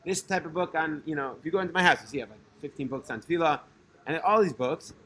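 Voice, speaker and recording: A man's voice: fairly high pitch, fast, pushed and bright. A man telling a personal religious story in a loose, conversational way, full of fillers and restarts and sprinkled with Hebrew terms. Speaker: storyteller host. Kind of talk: casual spoken storytelling.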